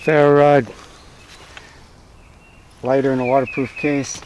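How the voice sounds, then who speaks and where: A man hosting a bushcraft channel, giving a relaxed, plain-spoken gear review and listing items one by one. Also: mid-range voice, a little slow, a little hiss or hum. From United States.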